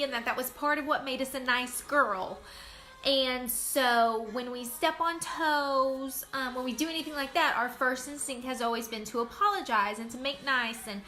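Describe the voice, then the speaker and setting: A woman's voice: sits high, bright, forceful tone. A bubbly, chatty woman, hosting a casual live stream from home and greeting viewers by name. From Texas.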